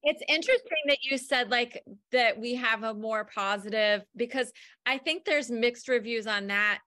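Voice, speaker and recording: A woman hosts a podcast, chatting casually and asking long, winding questions. Her voice is bright and forward. The recording is dry and close. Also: on the high side, moderate pace, no room sound. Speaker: podcast host. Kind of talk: casual conversation.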